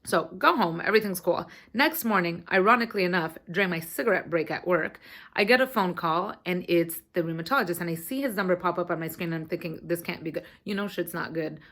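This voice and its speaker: A woman in her thirties talks straight to camera, telling a long personal story in an animated, chatty way and swearing now and then. Her voice sits a little low for a woman. She sounds like she is sitting at home, recorded on her camera mic. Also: fast talker. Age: 30s. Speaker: vlogger.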